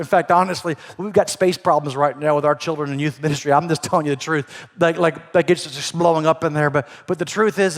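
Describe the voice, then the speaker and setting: High-voiced pastor preaching in a reverberant hall. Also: male voice. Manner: animated, swings from loud emphasis to soft asides. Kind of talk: sermon. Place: church auditorium.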